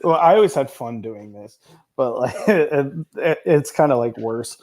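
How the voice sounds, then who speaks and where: A man's voice: mid-range voice, animated, unhurried, darkish tone. A man co-hosting a podcast in casual chat, talking in a laid-back, hesitant way with many fillers. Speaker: podcast co-host.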